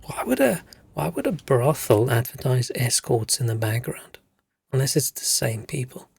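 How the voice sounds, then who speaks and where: A man's voice: medium pitch, sing-song, normal speed, vocal fry, a little mellow, breathy edge. A man streaming a game, making joking commentary and asides. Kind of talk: casual let's play commentary.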